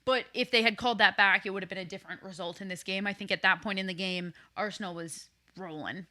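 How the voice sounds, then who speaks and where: Bright-voiced woman on a podcast. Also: medium pitch, fast talker, dry recording. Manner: opinionated, laughing easily. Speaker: podcast co-host. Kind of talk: casual sports chat.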